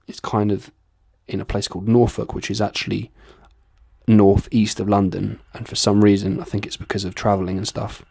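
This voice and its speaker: A man's voice: fairly low pitch, vocal fry, a little mellow, breathy edge, no echo, studio quality. A young man casually explaining accents in a breezy tone, with the odd swear word.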